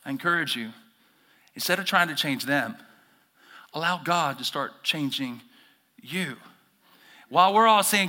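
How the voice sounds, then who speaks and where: A male pastor giving an animated sermon, speaking straight to his congregation and acting out the voices of the people he quotes. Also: a little high, a little slow, pauses often, long reverb tail. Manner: animated preaching, talks directly to the congregation, acts out quoted voices.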